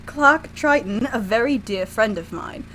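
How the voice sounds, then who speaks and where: A woman voicing a calm, polite male professor in an attempted British accent, reading game dialogue aloud. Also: on the high side, a little slow, a little hiss or hum, rough recording. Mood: courteous.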